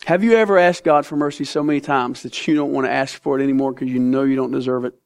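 A man's voice: medium pitch, fairly even intonation, a little fast, darkish tone. A man preaching a sermon in an emphatic, conversational way, speaking straight to his congregation.

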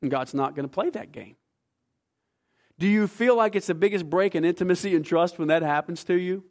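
A man preaching a sermon as pastor, emphatic, swinging between hushed, slow passages and forceful ones. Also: sits high.

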